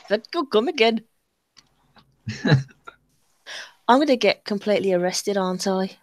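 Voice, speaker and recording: A woman's voice: medium pitch, lively intonation, unhurried, no room sound. A woman with a Birmingham accent hosting a casual voice chat, laughing and teasing. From Birmingham, England. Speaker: stream host.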